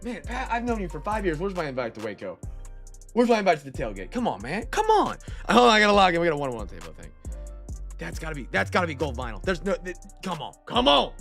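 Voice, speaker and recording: A high-pitched man with a bright, gravelly voice hosts a live card break. He is excitable and shouts over big pulls. He talks through a stuffed nose, with faint music behind him. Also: fast.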